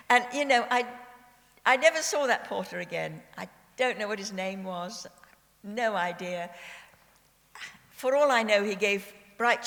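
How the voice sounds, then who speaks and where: An Austrian woman in her nineties, a Holocaust survivor, gives her personal testimony at a civic memorial event. She speaks slowly and in a measured way with gentle irony, in a fairly low voice, and the recording carries a long hall reverb.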